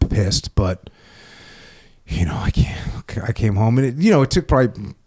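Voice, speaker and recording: A man's voice: medium pitch, sing-song, moderate pace, darkish tone, husky. A middle-aged man hosting a podcast, talking in a reflective, casual way with frequent laughs. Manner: reflective, laughs often, restarts. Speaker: podcast host, former military. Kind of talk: casual conversation.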